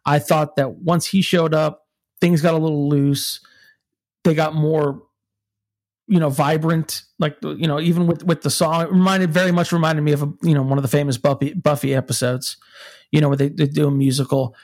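A man co-hosting a podcast with a fairly high voice. He rambles through his thoughts and leans on fillers. The sound is close and dry. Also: flat delivery, normal speed, darkish tone, no room sound. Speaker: podcast co-host. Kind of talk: casual chat.

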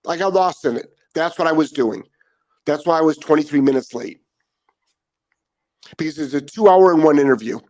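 A man's voice: fairly high pitch, normal speed, long pauses. Profane, ranting male dog trainer. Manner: emphatic, profane, repetitive ranting; calmer chatty greeting of commenters. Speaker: dog trainer and live show host. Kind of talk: ranting live stream monologue.

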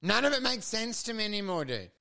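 High gravelly man ranting comically. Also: very animated, fast. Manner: rambling, acts out scenes in high shouted voices; crude, swears often. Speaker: podcast co-host. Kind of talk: comedic podcast rant.

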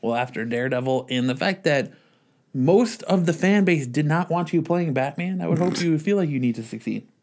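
A man's voice: fairly high pitch, animated, fairly quick, a little mellow. A man hosting a casual chat, opinionated and profane, often laughing. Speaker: podcast host.

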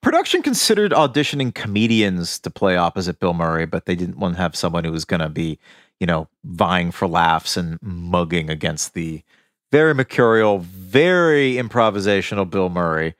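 A man's voice: sits low, normal speed, no room sound. A man on a podcast rattles off film trivia with real enthusiasm, and his voice rises and falls a lot. He laughs easily. The sound is dry and close, with no room behind him. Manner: animated, enthusiastic, laughs often. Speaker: podcast co-host. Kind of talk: casual film-trivia chat.

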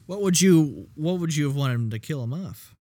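A man on a casual podcast who adds deadpan remarks and asks questions. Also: on the high side, moderate pace. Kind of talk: casual chat.

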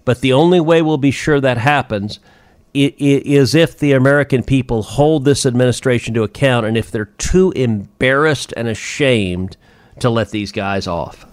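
A man's voice: medium pitch, moderate pace, no room sound. A man, a senator hosting a political podcast, talking emphatically and with indignation, repeating phrases for force.

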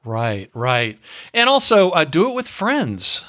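A man hosting an interview podcast, with a somewhat high, bright voice. He asks his questions playfully and slips in jokes, and the sound is close and dry with no room echo. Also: huge pitch swings, takes it slowly. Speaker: podcast host. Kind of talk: conversational interview.

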